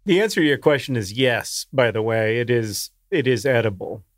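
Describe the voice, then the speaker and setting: A man's voice: mid-range voice, expressive, moderate pace, no echo. A man with a Southern accent co-hosting a podcast, making dry jokes in casual chat. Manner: dry, joking. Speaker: podcast co-host.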